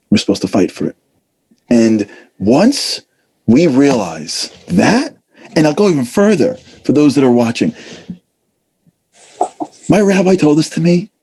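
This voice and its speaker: Middle-aged male speaker, animated talk, dark husky tone, acts out quotes. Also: mid-range voice. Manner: animated, acts out voices, casual fillers. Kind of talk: lively motivational talk.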